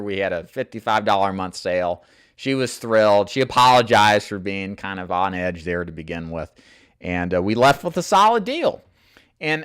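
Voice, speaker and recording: Host read: a male sales coach, earnest and plain-spoken, low voice, dry close sound, easy fillers. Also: a bit bright, clean tone, no room sound. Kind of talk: casual coaching talk to camera.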